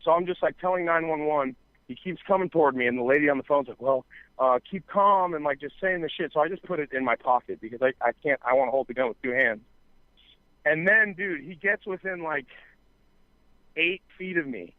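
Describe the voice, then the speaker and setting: A man's voice: a little high, a little fast, no echo. Rambling man telling a story, tinny sound. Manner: rambling, filler-heavy, profane, acts out quoted dialogue. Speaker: podcast co-host. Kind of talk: casual storytelling chat. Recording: dry, tinny phone-like sound.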